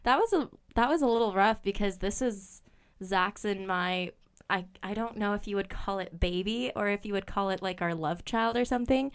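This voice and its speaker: A young woman hosts a casual podcast and tells stories with plenty of feeling. Her voice is smooth and clear, and her pitch sits in the middle. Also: moderate pace. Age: young adult. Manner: chatty, storytelling, emotional. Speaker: podcast host.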